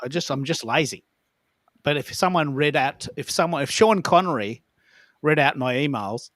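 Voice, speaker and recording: An Australian man hosting a casual chat, lively and joking. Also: on the high side, moderate pace, no room sound. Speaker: host.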